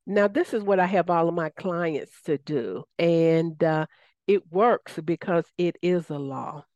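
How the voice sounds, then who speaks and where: A woman's voice: on the low side, a little slow, a little mellow, no room sound, muffled recording. A woman with a Southern US accent hosting a radio talk show, enthusiastic and folksy, often calling out to her listeners.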